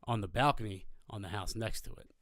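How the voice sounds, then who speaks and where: A man co-hosting a live podcast, casually telling a story in an animated way, with some cursing. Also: lowish voice, fairly quick, no room sound, studio quality. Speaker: podcast co-host.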